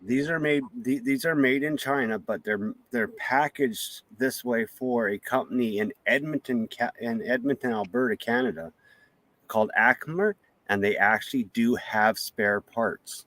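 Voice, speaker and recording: A man's voice: medium pitch, measured pace, dry recording. A man in casual chat who explains tool details and repeats words when he cuts in. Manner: relaxed, informative, repeats words when cutting in.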